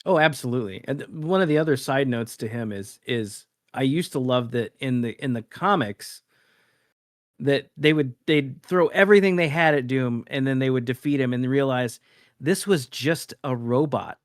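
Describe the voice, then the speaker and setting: A man speaking as a guest artist in a casual interview, relaxed and hesitant, with many fillers. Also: mid-range voice, normal speed, no echo, studio quality.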